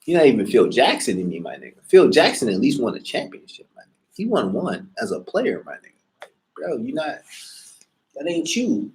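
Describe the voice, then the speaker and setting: A man in a casual monologue, talking in a slangy, profane, animated way. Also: mid-range voice, normal speed.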